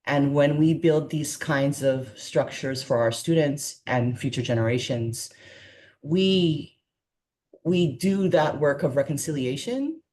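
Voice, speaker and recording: Man, educator, panel comment, mid-pitched, earnest, measured. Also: a little mellow.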